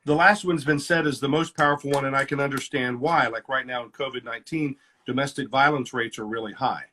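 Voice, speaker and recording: A man's voice: mid-range voice, a little fast. A middle-aged man, a counselor, explaining relationship patterns in conversation and acting out the lines people say in a fight. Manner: animated, acts out quoted lines with shifts in loudness. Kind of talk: teaching conversation.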